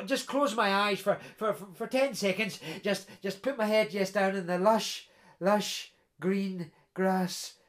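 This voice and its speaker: A man's voice: high voice, natural voice. Man playing a drowsy tipsy lad. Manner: slurred, halting, repeating words. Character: drowsy tipsy young man falling asleep.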